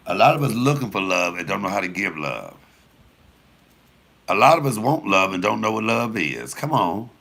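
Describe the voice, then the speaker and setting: Animated, gravelly comedian man. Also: fairly low pitch, moderate pace. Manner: animated, profane, laughing storyteller; addresses viewers directly. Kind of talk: casual storytelling to viewers.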